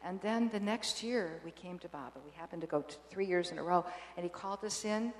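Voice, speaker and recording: A woman telling devout family stories in a casual, halting way, full of restarts. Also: on the low side. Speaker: guest sharing family memories. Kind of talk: casual storytelling. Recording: roomy hall with long reverb.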